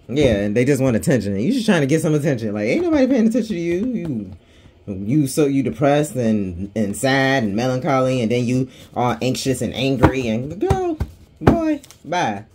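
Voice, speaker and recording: A man's voice: medium pitch, noisy background. A man giving a casual tarot reading, chatty and slangy, laughing often and swearing freely. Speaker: tarot reader.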